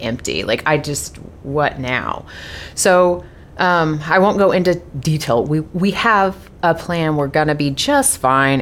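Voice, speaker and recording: A woman talks straight to her audience in a loose, rambling monologue. She is in her thirties and candid, with plenty of fillers and blunt swearing. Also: low-pitched. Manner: chatty, swearing, many fillers. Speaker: vlogger sharing personal news. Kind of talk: casual monologue to followers.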